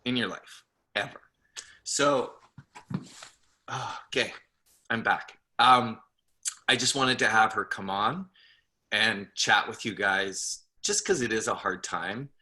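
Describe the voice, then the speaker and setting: A man with a fairly low but very bright, forceful voice hosts a group call. He talks casually and keeps getting choked up, pausing and restarting as he introduces his guest. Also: expressive. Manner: tearful, choked up, halting. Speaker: host of a team video call.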